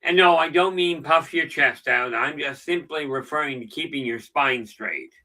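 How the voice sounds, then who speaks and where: A man's voice: on the high side, moderate pace, bright, forceful tone, far from the mic, low-quality recording. A middle-aged man hosting a casual live stream, telling stories with dry jokes. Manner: chatty storyteller with dry jokes. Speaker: channel host.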